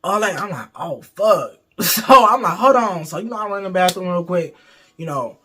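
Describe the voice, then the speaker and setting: A man's voice: high voice, animated, moderate pace, a bit bright, slight background noise. A young man tells a candid, profane, rambling storytime in casual chat. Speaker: vlogger.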